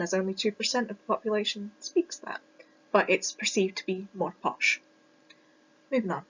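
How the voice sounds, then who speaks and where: A woman's voice: medium pitch, highs cut off. Young woman with Scottish and RP accent. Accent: mix of RP English and East Neuk Scottish. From Scotland. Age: 20s. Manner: explanatory, with frequent ums and uhs. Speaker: student presenter. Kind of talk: class presentation.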